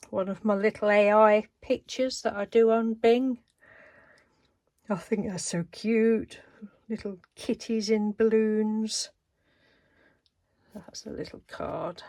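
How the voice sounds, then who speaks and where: A woman's voice: medium pitch, vocal fry, a little mellow, no echo. A woman chatting casually through a craft show-and-tell, rambling and laughing now and then. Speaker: craft vlogger.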